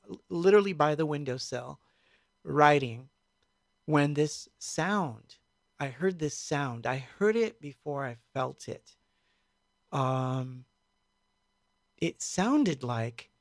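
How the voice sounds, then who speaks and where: A man's voice: fairly high pitch, dry recording. Reflective man with a dry close sound. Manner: halting, reflective, many fillers. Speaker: musician recounting a tour. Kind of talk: casual storytelling stream.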